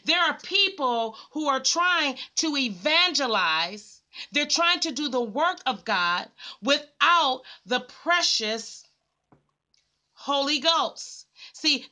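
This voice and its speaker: A woman's voice: sits high, sharp tone. A woman preaching an encouraging sermon, fervently addressing her listener again and again as her friend. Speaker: evangelist preacher.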